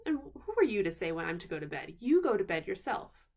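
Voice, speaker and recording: A woman's voice: medium pitch, expressive, normal speed, natural voice. A woman voicing a tired, bad-tempered younger boy who sneers and grumbles peevishly. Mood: sneering.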